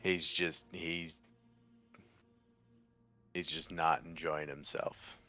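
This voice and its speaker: A man's voice: extremely low pitch, little pitch movement, extremely slow, bright, forceful tone, faint music behind. A man playing in a tabletop game, casually narrating what his character does. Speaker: player.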